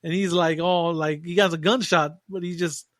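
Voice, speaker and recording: Brief: easygoing man, slightly high voice, dry sound, casual film chat. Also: fairly even intonation, moderate pace, no echo. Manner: laid-back, adds plot details and corrections. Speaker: podcast co-host.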